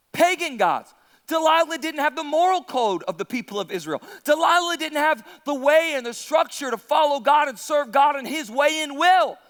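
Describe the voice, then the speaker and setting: Lively, high-voiced male preacher who acts out the story, in a big reverberant hall. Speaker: pastor. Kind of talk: sermon.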